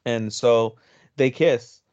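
A man's voice: mid-range voice, slow pace, smooth, no room sound, dull audio. A man co-hosting an anime podcast, retelling an episode in casual chat with lots of swearing and energy. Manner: energetic retelling, swears freely, slips into Japanese phrases. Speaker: podcast co-host.

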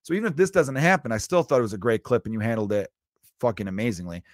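A man's voice: mid-range voice, sing-song, fast talker, no room sound, clean studio sound. A young man hosting a solo podcast, talking casually and bluntly, with plenty of swearing as he tells a story. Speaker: podcast host.

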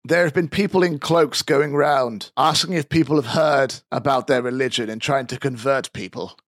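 A man's voice: mid-range voice, moderate pace, no room sound, studio quality, lightly acted. A man voicing a secretive, dramatic male mousefolk informant in a tabletop game, talking in a theatrical, conspiratorial way.

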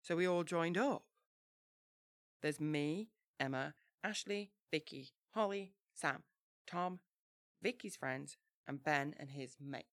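A woman co-hosting a casual chat, reading from her old teenage diary with lively, laughing energy. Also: low-pitched, takes it slowly, dry recording, studio quality. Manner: animated, laughs easily, reads aloud in bursts.

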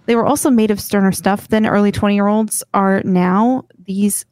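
A woman's voice: mid-range voice, fairly even intonation, moderate pace, darkish tone. A woman co-hosting a podcast who tells a story from her notes in a loose, giggly way, often stumbling over her words. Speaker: podcast co-host. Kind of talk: casual podcast chat, telling a story from notes.

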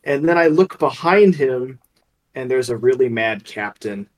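A man co-hosting a casual podcast who tells anecdotes with animation and plenty of laughter. His voice sits at a middle pitch. He talks in an easy, chatty way. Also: animated, measured pace. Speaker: co-host. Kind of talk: casual storytelling.

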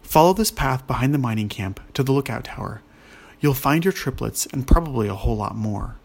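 A man's voice: mid-range voice, expressive, fairly quick, vocal fry, slightly rough. A man putting on a hearty female dwarf. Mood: jovial.

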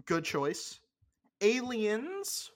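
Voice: medium pitch, huge pitch swings. A young adult podcast co-host in casual chat, blunt and opinionated, swearing freely and stalling with lots of fillers. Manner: loose, halting delivery with many fillers.

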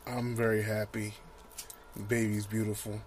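Man, casual podcast chat, profane animated rants, faint background hiss. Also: fairly low pitch, measured pace. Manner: animated, profane ranting with laughs. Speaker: podcast co-host. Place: small home studio.

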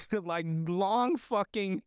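A man's voice: high voice, very slow, clean tone, no echo, studio quality. A man hosting a podcast, casually recapping a movie in a loose, rambling way, swearing and laughing often. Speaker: podcast host.

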